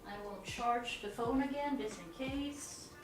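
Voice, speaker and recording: A woman streamer chatting casually at her home desk into a desk microphone, excitable, gushing thanks, laughing and swearing. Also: a little high, unhurried, music in the background. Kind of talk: casual live-stream chat.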